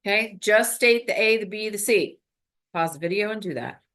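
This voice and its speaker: A woman's voice: medium pitch, animated, moderate pace, a bit bright. A woman math teacher recording a lesson, talking students through each step in an upbeat, coaching way.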